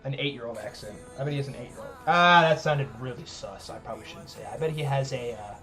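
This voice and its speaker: Over soft background music, a fast-talking man with a mid-range voice that sounds pushed and bright hosts a live chess tournament stream. His casual chat rambles, leans heavily on "like," and is full of self-deprecating jokes.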